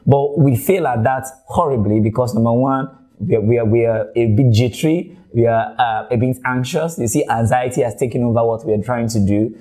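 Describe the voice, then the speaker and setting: Nigerian male tutor, mellow and relaxed, chatty delivery with restarts. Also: mid-range voice, fairly quick. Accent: Nigerian English. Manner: conversational, repeats words while thinking. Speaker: IELTS tutor. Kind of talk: online teaching video.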